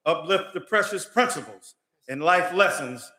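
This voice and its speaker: A man's voice: a little high, expressive, normal speed, pushed and bright. A man serving as guest chaplain, delivering an oratorical prayer to a legislative chamber in a rhythmic preacher's cadence with building repetitions. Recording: echoey chamber through PA.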